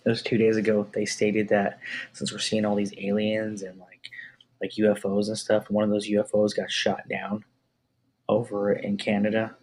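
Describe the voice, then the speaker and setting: A man's voice: lowish voice, moderate pace. A man co-hosting a podcast, telling rambling stories in casual chat. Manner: rambling storyteller, animated. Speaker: podcast co-host.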